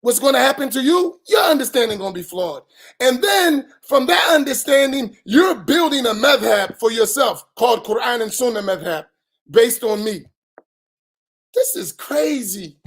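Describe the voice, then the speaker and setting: A middle-aged imam, giving an emphatic post-dawn-prayer talk full of rhetorical questions and bursts of raised voice. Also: male voice, very high-pitched, very animated, measured pace, fairly bright tone. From United States.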